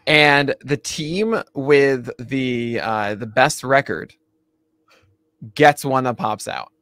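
A man co-hosting a casual baseball chat show, animated, laughing often and restarting his sentences. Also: mid-range voice, takes it slowly, dry recording. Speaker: podcast co-host.

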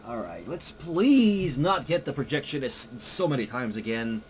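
A young man co-hosting a game playthrough, loud and teasing, swearing often. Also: medium pitch, sing-song, normal speed. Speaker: gaming channel co-host. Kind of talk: casual gameplay banter.

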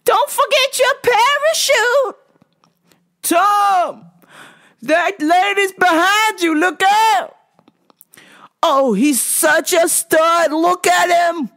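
A woman putting on a shrill, gushing old lady. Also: drawn-out words, long pauses, a bit bright, heavily acted. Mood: gushing, alarmed. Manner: shrill, fussing warnings at the screen. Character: gushing old lady moviegoer, loud and excitable.

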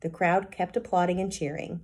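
A kindergarten teacher reading a children's book aloud, narrating with expressive storytelling. Her voice sits low and mellow, with a slightly husky edge. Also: normal speed.

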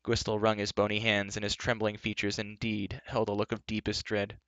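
Bright-voiced man reading a story aloud. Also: fairly low pitch, normal speed, dry recording. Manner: steady narration with brief slips. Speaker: audiobook reader. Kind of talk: live book reading.

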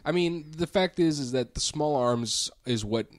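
A man's voice: a little high, animated, normal speed, no room sound. Wry man co-hosting a podcast, dry sound. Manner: wry, explains facts with joking asides. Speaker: podcast co-host. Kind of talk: casual comedy podcast chat.

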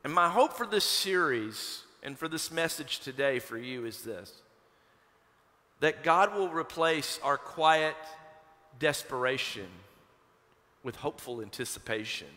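A Kentucky-born pastor preaches to his congregation, slipping from prayer into an animated personal story. His voice sits a little high and rings bright and forceful. The sound carries the long reverb of a church sanctuary. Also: a little slow. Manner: conversational, building to animated storytelling.

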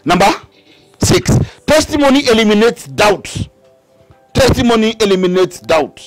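Man, Kenyan accent, preacher, sermon, husky, high-ish voice, faint music behind. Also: normal speed. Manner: animated, call-and-response with the congregation. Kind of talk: sermon mixing English and Swahili.

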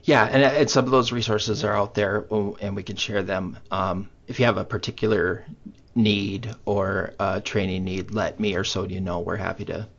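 Gravelly man presenting a webinar. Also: on the low side, steady tone, moderate pace, fairly bright tone. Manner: conversational, many fillers. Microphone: computer mic on video call. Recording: muffled online meeting audio.

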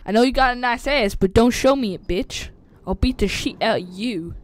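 A gaming channel host with a fairly high voice talks at a normal speed, with no room sound, during her let's play of a horror survival game. She's jumpy, swears constantly and shrieks whenever something scares her.

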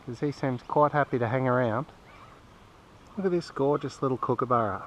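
An Australian man talks to his phone camera on a riverbank, his voice soft and soothing at a middling pitch. He lilts upward now and then as if coaxing an animal. A faint wash of outdoor noise sits under the recording. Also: normal speed. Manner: gentle, soothing tones, lilting up when talking to the bird. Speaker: fishing vlogger. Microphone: phone camera mic.

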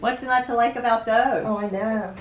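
A woman's voice: on the high side, fairly even intonation, moderate pace, dull audio, a little hiss or hum. A woman in casual family chat, playfully cooing at the babies.

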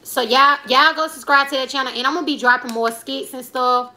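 Bright-voiced chatty woman in her twenties. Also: high voice, steady tone, fairly quick. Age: 20s. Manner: chatty, slangy, rambling, laughing asides. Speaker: comedian and YouTuber. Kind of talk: casual live-stream chat reading viewer comments.

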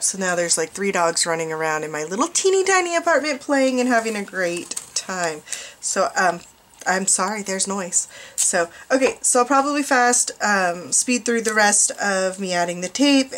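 A woman's voice: medium pitch, fairly bright tone. A young American woman chatting casually and rambling to viewers while she makes an art journal page at home, often asking them questions. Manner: chatty, self-deprecating, asks viewers questions. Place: small apartment art desk. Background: faint dog noise.

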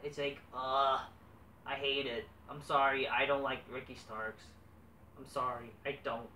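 A young man giving a rambling, profane, excitable casual review of a wrestling show. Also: mid-range voice, moderate pace, far from the mic. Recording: echoey room, off-mic, faint noise.

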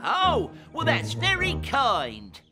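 A man voicing a kindly, polite old grandad gardener with a gentle, courteous manner, over children's music. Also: extremely high pitch, huge pitch swings, takes it slowly, full character voice.

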